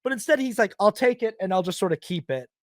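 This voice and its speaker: Brief: male podcast host, higher register, dry close sound, lively and jokey, quotes characters in put-on voices. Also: fast, dry recording. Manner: animated, acts out characters in silly quoted voices. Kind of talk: casual film podcast chat.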